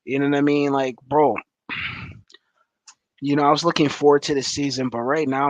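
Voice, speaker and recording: A man's voice: fairly high pitch, level tone, normal speed, pauses often, dry recording. A man giving a rambling, frustrated post-game reaction as a fan commentator, full of fillers.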